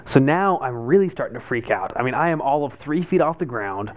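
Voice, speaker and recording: A man's voice: mid-range voice, expressive, brisk. A man in his thirties telling a personal story to a live group, acting out his own past panic as he goes. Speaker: meetup speaker.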